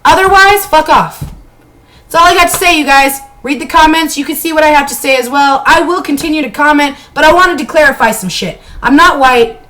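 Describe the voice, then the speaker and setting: A woman's voice: high-pitched, fairly quick, pushed and bright, rough recording. A woman live-streaming from her bedroom, ranting bluntly and heatedly with a lot of swearing. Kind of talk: unscripted live-stream rant.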